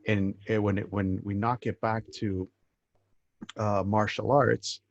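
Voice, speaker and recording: A deep-voiced man talks with a guest in a casual, reflective way, circling back over his own phrases to stress them. His voice sounds dry and close, with a dull, muffled tone. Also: flat delivery, slow, dry recording. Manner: reflective, repeats phrases for emphasis. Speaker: interviewer. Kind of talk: casual conversation.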